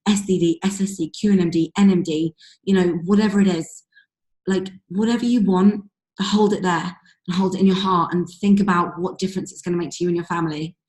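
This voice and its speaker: A woman's voice: lowish voice, fairly even intonation, fairly quick, a little mellow. Woman hyping up her team on a video call, voice kinda strained, rambly, echoey room. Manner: gushing, rambling, lots of likes and ums. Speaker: team leader hosting a group call. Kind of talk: motivational pep talk. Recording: roomy echo on a call.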